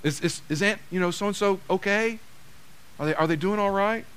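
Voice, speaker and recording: A man's voice: high-pitched, moderate pace, fairly bright tone, clear, resonant tone. A man preaching a sermon, conversational and direct, acting out the lines people say to each other. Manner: conversational preaching, acts out quoted dialogue. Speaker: pastor.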